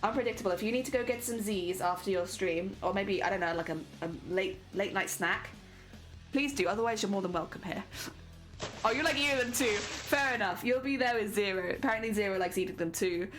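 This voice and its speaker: A woman's voice: mid-range voice, brisk, a bit bright. A young British woman streaming while she crafts, chatting casually and greeting viewers with sing-song jumps in her voice. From Britain. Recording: faint music behind.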